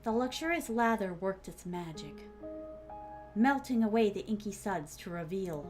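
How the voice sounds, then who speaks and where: During a casual writing stream, a woman mutters drafts aloud as she rewrites sentences, sounding playful and chatty with a slight put-on accent. Her voice is medium in pitch with lively intonation at a normal speed, and soft music plays in the background.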